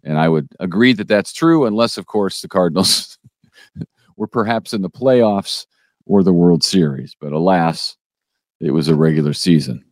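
A man co-hosting a local news podcast in casual chat, halting and opinionated, often restarting his sentences. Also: sits low, dry recording, clean studio sound.

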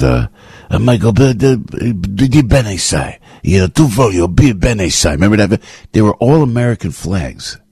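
A man's voice: breathy edge, no echo. An older man, hosting talk radio in a fired-up, rambling opinion monologue. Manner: fired-up, rambling, swings from low to loud. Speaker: radio talk show host.

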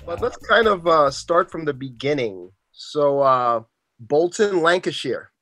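A man's voice: fairly high pitch, lively intonation, a little slow, fairly bright tone, no echo, faint music behind, low-quality recording. A man from Queens with a New York accent, interviewing a guest in a loose, chatty way with plenty of "sort of" and "like". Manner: loose, conversational, leans on fillers like "sort of" and "like". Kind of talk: casual interview.

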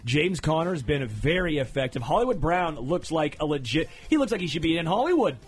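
A man hosting a sports talk show, making picks and teasing his co-hosts with animated, excitable banter. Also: on the high side, fairly quick, slightly rough, soft background music.

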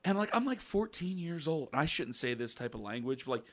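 A middle-aged man on a podcast, telling rambling stories in a casual, animated way. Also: a little high, brisk. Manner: rambling, animated storyteller with mocking quoted voices. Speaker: podcast co-host. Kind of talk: casual storytelling chat.

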